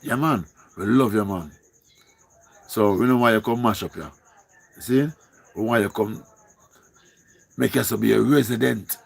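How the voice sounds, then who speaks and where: A man's voice: on the low side, a little slow, vocal fry, pauses often. A man with a Jamaican accent hosting a casual live stream, pleading and repeating himself in singsong calls.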